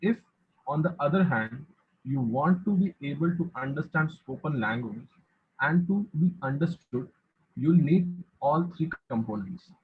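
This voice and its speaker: A man student reading a prepared presentation aloud in measured, list-like steps. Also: on the high side, lively intonation, husky. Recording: tinny phone-like line.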